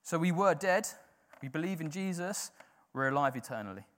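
A man's voice: on the high side, animated, normal speed, fairly bright tone. A man preaching a sermon in an informal, conversational way, often filling with "like".

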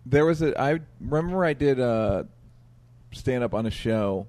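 A man's voice: mid-range voice, expressive, a little slow, darkish tone. A man comedian co-hosting a casual chat, telling stories emphatically and swearing freely. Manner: emphatic, profane storytelling. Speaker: comedian co-host.

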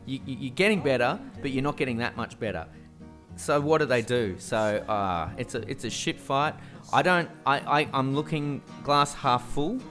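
A man's voice: mid-range voice, expressive, moderate pace, a bit bright, soft background music. A man with an Australian accent co-hosting a casual podcast chat, ranting and swearing freely. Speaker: podcast co-host.

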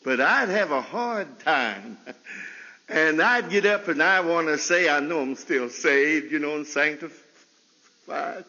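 Stuttering preacher, high bright voice. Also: male voice, expressive, takes it slowly, in a large hall, muffled recording. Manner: folksy storytelling with laughs; voice leaps high in bursts. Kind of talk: sermon. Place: chapel service.

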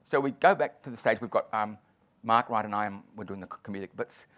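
A man from New Zealand, a comedian, telling an anecdote on a panel in front of an audience, doing quick voices for the people in it. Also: fairly low pitch, fairly bright tone. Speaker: guest comedian and author. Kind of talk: storytelling on a panel. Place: venue with live audience.

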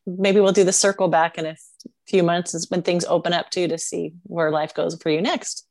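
A woman's voice: on the low side, little pitch movement, fairly quick, darkish tone. A woman hosting a podcast, talking reflectively and rambling, with many "like" fillers. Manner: reflective, rambling, heavy use of "like". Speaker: podcast host. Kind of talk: casual podcast interview.

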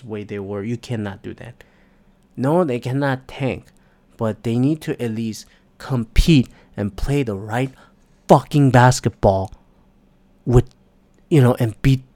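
A man hosting a solo sports podcast, ranting in frustration with heavy swearing and sudden loud outbursts. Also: mid-range voice. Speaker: podcast host.

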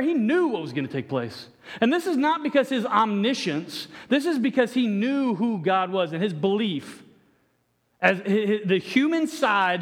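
A man preaching a sermon with earnest, stammering restarts, acting out the quoted lines. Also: sits high. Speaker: pastor. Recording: echoey hall reverb.

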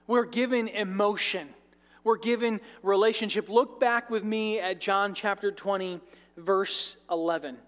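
A man's voice: high-pitched, steady tone, unhurried. A male pastor preaching a sermon in a church sanctuary, conversational with light asides and jokes. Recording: reverberant large church hall.

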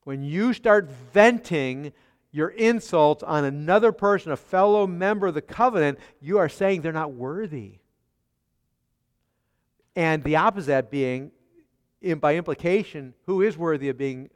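Man preaching, fairly high voice, smooth and resonant, rhetorical questions, long hall reverb. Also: animated, normal speed. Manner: asks the congregation rhetorical questions, swings between soft and emphatic. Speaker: pastor. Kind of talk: expository sermon.

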